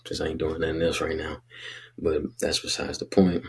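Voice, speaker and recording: A man's voice: a bass voice, completely flat delivery, normal speed, husky. A young man talking casually and earnestly to his listeners in a rambling, slangy vlog about handling emotions. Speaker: vlogger giving life advice. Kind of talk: casual motivational vlog talk.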